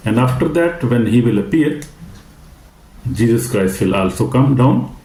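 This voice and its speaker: A man preaching a sermon as a pastor, slow and halting, with frequent fillers and restarts. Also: medium pitch, animated, mellow, roomy sound, low-quality recording.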